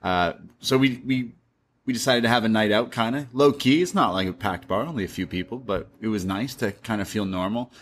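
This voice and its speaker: Young male co-host, low voice, animated storyteller, casual and profane. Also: brisk. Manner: animated storyteller, swears, laughs often. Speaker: podcast co-host. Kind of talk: casual chat.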